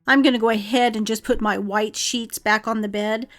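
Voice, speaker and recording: A woman's voice: fairly high pitch, fairly even intonation, normal speed, fairly bright tone, soft background music. Chatty middle-aged woman thinking aloud. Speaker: home cleaning vlogger. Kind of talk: casual vlog chat while tidying. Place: bedroom at home.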